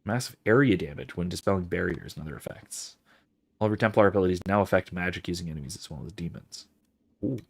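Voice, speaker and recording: A man's voice: sits low, quick pace, creaky, slightly rough. A man casually commenting while playing a fantasy game, reading viewer messages aloud and musing over skill choices. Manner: chatty, reads chat aloud, muses over skills. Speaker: game streamer.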